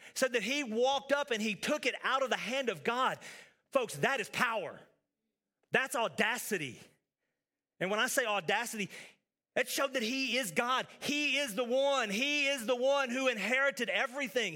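A man preaching a sermon as pastor, building with emphatic repetition and then dropping to soft, intense tones. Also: extremely high pitch, expressive, normal speed.

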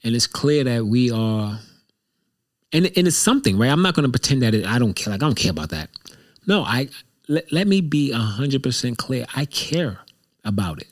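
A man's voice: mid-range voice, sing-song, normal speed. A man hosting his own show, talking in a casual, reflective monologue that rambles and repeats itself candidly. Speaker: show host.

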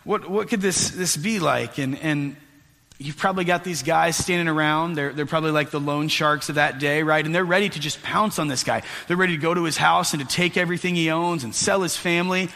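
Guy pastor preaching, bright tense voice, kinda high, big echoey church sound. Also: fairly quick, vocal fry. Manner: animated storytelling with voiced asides. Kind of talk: sermon. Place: church sanctuary. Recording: echoey hall with long reverb.

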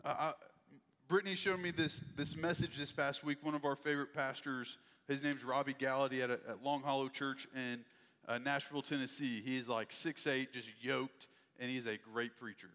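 A man's voice: medium pitch, steady tone, moderate pace, a bit bright. A man preaching a sermon, telling a story animatedly and acting out the voices of the people in it. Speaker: pastor. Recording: echoey hall with long reverb.

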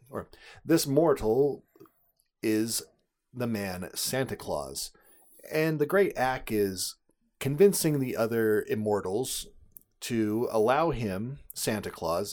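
A man's voice: medium pitch, a little mellow. A man co-hosting a casual podcast, summarizing a film plot with wry, sarcastic asides. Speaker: podcast co-host.

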